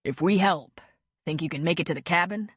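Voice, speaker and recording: A woman voicing a gentle, practical male doctor in an audiobook. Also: fairly low pitch, fairly quick, husky, dry recording, studio quality. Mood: soothing.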